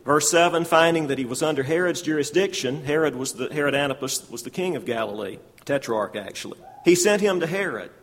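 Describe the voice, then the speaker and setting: Preacher with a ringing hall echo. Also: male voice, a little high, animated, fairly quick, hardly any pauses, a little hiss or hum. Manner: expository, reads scripture aloud and acts out the speakers' lines. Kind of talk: sermon.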